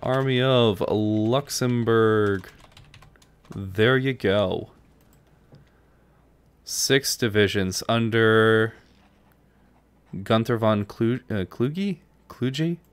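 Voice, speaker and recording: A man's voice: on the low side, slow pace, long pauses, smooth, no echo. A man from New York, chatting casually with viewers as he live-streams a strategy game and answers their messages. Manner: chatty, answers chat between moves.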